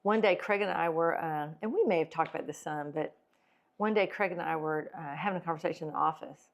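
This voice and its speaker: A middle-aged woman co-hosting a casual faith and wellness talk show, animated, acting out tones of voice and laughing often. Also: low-pitched, fast talker, creaky. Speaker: podcast co-host.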